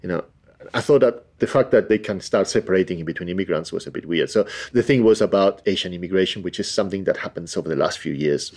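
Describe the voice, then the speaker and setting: Middle-aged man, low voice, animated storyteller who acts out dialogue. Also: fast. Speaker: father, immigrant. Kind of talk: anecdotal storytelling.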